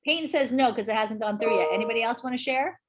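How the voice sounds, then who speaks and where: Brisk, emphatic female instructor, slightly high voice, chatty with her class. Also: soft background music. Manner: brisk, emphatic, chatty, asks the group questions. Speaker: real estate instructor. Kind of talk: casual teaching talk to a class.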